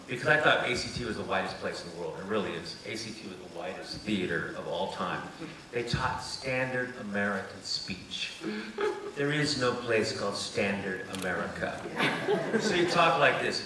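A man's voice: on the low side, normal speed. A man, an actor and writer on a panel, telling comic anecdotes and acting out the voices in them, laughing often. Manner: animated, acts out voices in his stories, laughs often. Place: event space with audience. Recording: echoey room, distant mic, background noise.

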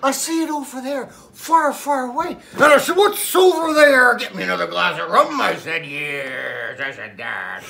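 A boastful old sea captain, gravelly and bright-edged, as a woman puts him on. His rambling yarn swoops wildly up and down in pitch. It is a theatrical comedy sketch. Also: animated, normal speed, few pauses, full character voice. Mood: excited. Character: boastful old male pirate captain, rum-loving storyteller.

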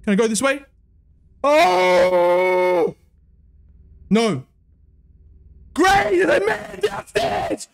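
A man's voice: extremely high pitch, sing-song, extremely slow, vocal fry, long pauses. A young man giving panicky, swearing commentary while playing horror games, jumping between fear and mocking jokes. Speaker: gaming video creator.

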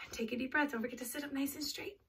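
A woman's voice: high voice, steady tone, fairly quick. A woman reading a picture book and leading a children's yoga class, encouraging the kids in simple words. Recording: distant mic, faint background noise.

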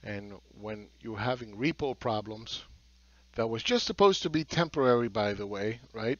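A man's voice: lowish voice, moderate pace, fairly bright tone, no room sound, highs cut off. Blunt sarcastic man with a dry sound. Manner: blunt, sarcastic, swears, mocks others in put-on voices. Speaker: market analyst. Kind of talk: market commentary monologue.

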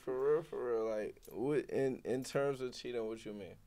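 A young man chatting as a guest on a casual group podcast, laid-back and slow to make his point. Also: mid-range voice, a crowd in the background.

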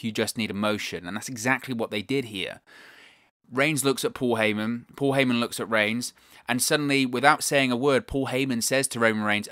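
A man's voice: mid-range voice, fairly bright tone, dry recording, studio quality. A British man hosting a wrestling news show, giving casual commentary in an enthusiastic manner and repeating phrases for emphasis.

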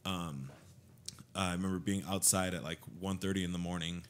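A man's voice: low voice, normal speed, slight background noise. A man telling ghost stories in casual podcast chat, swearing often and acting out what people said. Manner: swearing, animated storytelling with acted-out quotes. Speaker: podcast guest. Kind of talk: casual storytelling.

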